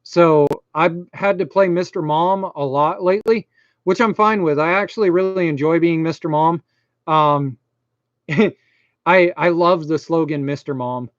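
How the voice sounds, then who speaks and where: A middle-aged man with a Maine accent and a slight lisp rambles through a casual live-stream chat, poking fun at himself. His voice sits high for a man and sounds smooth and clean. The sound is close and dry, with a dull, lo-fi edge. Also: a little slow, no echo. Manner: rambling, self-deprecating, chatty. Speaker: YouTube host.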